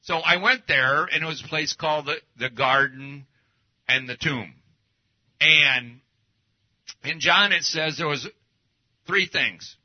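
Speaking slowly with long pauses in a slightly high voice, this pastor gives an informal teaching sermon while showing slides. His manner is homespun and anecdotal, captured on a muffled lo-fi recording.

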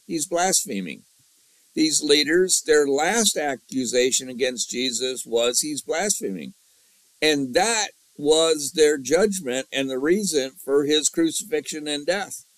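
A man's voice: on the high side, no echo, poor audio. A man teaching a Bible study from an outline, repeating key lines and asking his class questions.

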